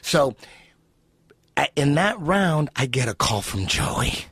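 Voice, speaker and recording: Excited, profane man telling a story. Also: a little high, takes it slowly, slightly rough, no room sound, clean studio sound. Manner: excited, profane, acts out quoted voices. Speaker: podcast host. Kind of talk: casual chat, animated storytelling.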